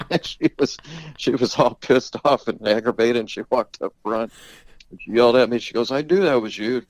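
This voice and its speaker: A man's voice: medium pitch, normal speed, dry recording, rough recording. An older man, the host's father, telling rambling stories in casual conversation, laughing often and swearing freely. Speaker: interviewee, father of the host. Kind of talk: casual storytelling.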